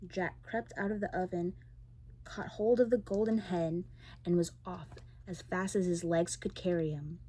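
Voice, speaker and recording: A woman reading a fairy tale aloud in a soft, gentle bedtime manner as a whispered role-play ASMR storyteller, close to the microphone. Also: on the low side, fairly even intonation, unhurried, breathy edge.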